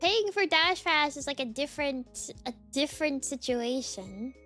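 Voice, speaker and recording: A young woman streaming, chatting casually and excitedly greeting her chat one by one. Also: sits high, unhurried, soft background music. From United States.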